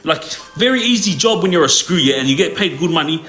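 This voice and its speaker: A man's voice: fairly high pitch, animated, fast, bright, forceful tone. A young man, telling stories on a live stream in loose slang, often laughing. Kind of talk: casual storytelling. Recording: echoey room with faint music.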